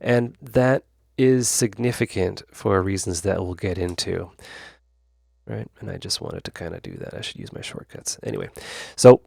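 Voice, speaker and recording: Speaking at a moderate pace, a male YouTube host with a deep, gravelly voice meanders through a synthesizer tutorial, full of fillers and asides. His audio is dry and close, with no room around it.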